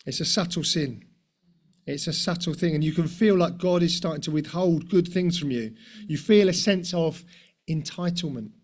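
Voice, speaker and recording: A man's voice: fairly high pitch, normal speed, darkish tone. A middle-aged man preaching a conversational sermon, posing rhetorical questions and tag questions, with the odd self-deprecating aside.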